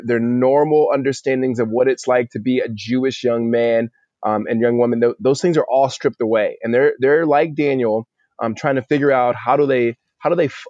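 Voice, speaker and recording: A man's voice: medium pitch, a little mellow, no room sound. A man teaches through a Bible chapter on a podcast in an earnest, conversational way, restarting phrases as he thinks. The sound is dry with no room to it and a little dull, like a lo-fi mic. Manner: earnest, repeats words as he thinks. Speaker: pastor.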